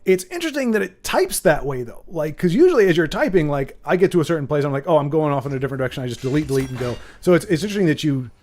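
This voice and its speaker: A man's voice: fairly high pitch, very animated, fast talker, hardly any pauses, a little mellow. Rambling man streamer chatting casually. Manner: rambling, self-correcting, playful. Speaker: streamer host. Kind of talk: casual livestream chat.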